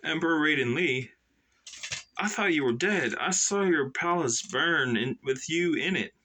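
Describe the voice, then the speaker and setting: Man reading as a confused young assassin, pleading, halting, storybook hero, bright clear tone, slow deliberate delivery. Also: a little high, expressive, a little hiss or hum, voice pushed up. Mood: grieving. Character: earnest young male assassin, bewildered and alarmed. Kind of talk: self-published novel read aloud.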